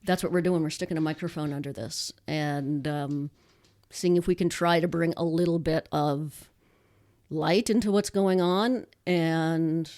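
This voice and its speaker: Chatty Nova Scotian woman, lowish voice. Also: steady tone, measured pace, darkish tone. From Canada. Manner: chatty, laughs easily, many restarts. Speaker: podcast co-host. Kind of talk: casual podcast chat. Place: home.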